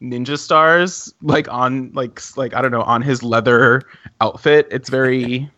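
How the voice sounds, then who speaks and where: A man in casual fan chat on a podcast, wry and chatty, halting often with fillers. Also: medium pitch, fairly even intonation, bright, forceful tone, dull audio.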